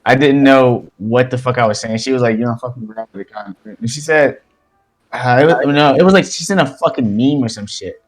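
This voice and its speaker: A man's voice: mid-range voice, normal speed, rough recording. A young man on a podcast, telling stories in a blunt, profane, casual way. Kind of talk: casual chat.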